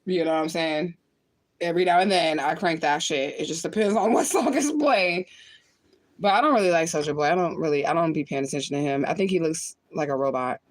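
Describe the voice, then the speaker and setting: A woman's voice: sits low, brisk, dry recording. Blunt, profane woman chatting on a livestream. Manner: blunt, profane, laughs often. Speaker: spiritual medium livestreamer. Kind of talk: casual livestream chat reading comments.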